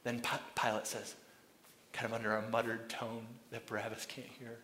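A man preaching a sermon, retelling a story dramatically and shouting out the crowd's lines. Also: fairly low pitch, little pitch movement, brisk, reverberant.

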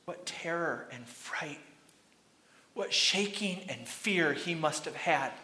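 A man preaching a sermon, retelling a story dramatically and shouting out the crowd's lines. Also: on the high side, roomy sound.

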